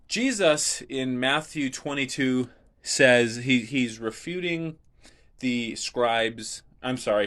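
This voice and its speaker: A man's voice: fairly low pitch, a bit bright. A man teaching a recorded Bible lesson, explaining patiently and stressing his points when he quotes scripture.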